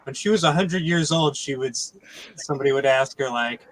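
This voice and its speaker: A man's voice: mid-range voice, brisk, fairly bright tone, no echo, rough recording. A man chatting casually as a guest on a livestream, telling a family anecdote in an easygoing way. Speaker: guest on the stream.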